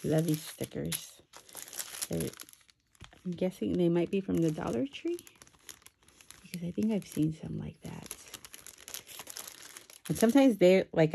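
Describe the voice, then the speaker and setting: A woman chatting excitedly while unboxing a craft swap package, with self-deprecating asides. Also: fairly low pitch, creaky, a little hiss or hum. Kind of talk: casual unboxing commentary. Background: paper crinkling and clicks.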